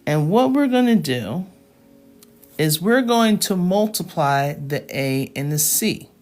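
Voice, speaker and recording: Female math tutor, patient and methodical, talks slowly, light music underneath. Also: fairly low pitch, lively intonation, a little mellow. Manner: slow, patient step-by-step explaining with check-ins. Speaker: math teacher. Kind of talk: live classroom math lesson.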